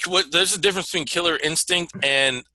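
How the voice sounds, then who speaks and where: Male guest, former comic; bright, sharp voice, swears freely, straight talker. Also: on the high side, a little fast, no room sound, rough recording. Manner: blunt, profane, animated. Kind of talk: casual chat.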